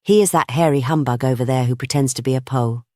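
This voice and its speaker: A man reading an audiobook, voicing a huge, genial but commanding male anarchist chief who talks briskly with grand amusement. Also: medium pitch, darkish tone, no room sound, clean studio sound, natural voice. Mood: grave.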